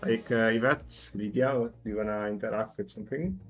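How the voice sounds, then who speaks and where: A man's voice: lowish voice, a little fast. Man, game master narrating a tabletop game, casual with fillers, faint music behind.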